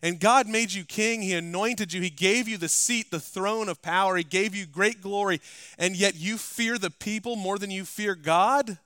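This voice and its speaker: Bright, crisp preaching man. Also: high-pitched, moderate pace, dry recording, studio quality. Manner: rises to loud, emphatic preaching, then drops to quiet asides. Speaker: pastor. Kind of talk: sermon. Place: church.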